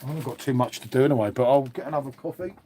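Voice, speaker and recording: A man's voice: medium pitch, rapid-fire, mellow, slight background noise. A man chatting casually on a live stream, swearing freely and calling everyone "mate". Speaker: livestream host. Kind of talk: casual live chat with viewers.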